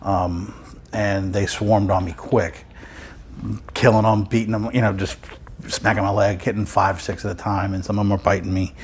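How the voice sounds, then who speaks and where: Guy with a lowish voice rambling through a story at home, wry, faint room hum behind. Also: level tone, normal speed. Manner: rambling, self-interrupting, wry. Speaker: vinyl collector vlogger. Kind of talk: casual storytelling.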